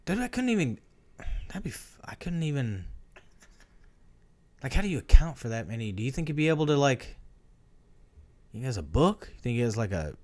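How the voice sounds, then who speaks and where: A man's voice: mid-range voice, sing-song, normal speed, long pauses, a little mellow. A man co-hosting a podcast in casual chat, rambling and swearing freely as he talks, laughing often. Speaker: podcast co-host.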